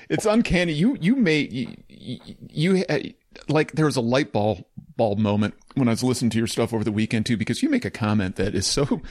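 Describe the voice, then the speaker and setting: A man hosts a podcast in a casual chat, his voice gravelly and rising and falling a lot as he muses aloud and laughs easily. The sound is close and dry. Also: medium pitch, darkish tone, no echo. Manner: reflective questions, laughs often. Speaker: podcast host.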